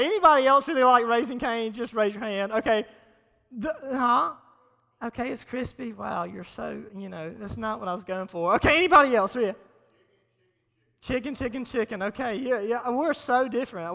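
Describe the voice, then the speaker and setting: A man preaching a casual, humorous sermon to a live audience, energetic and chatty, repeating phrases for emphasis. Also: very high-pitched, creaky. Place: large hall before a live audience. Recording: long hall reverb.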